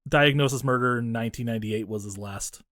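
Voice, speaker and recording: Animated, profane podcast co-host. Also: male voice, medium pitch, fast talker, no echo, studio quality. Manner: animated, profane, acts out movie scenes in voices. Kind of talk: casual movie-review chat.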